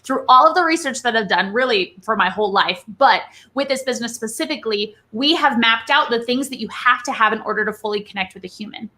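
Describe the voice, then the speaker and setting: A bright, forceful woman speaking as an interview guest and coach. She talks in a lively, teaching way and keeps checking in with the listener. Her voice sits a little high. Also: quick pace, hardly any pauses. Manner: animated, coaching, frequent "right?" tag questions. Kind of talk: conversational interview.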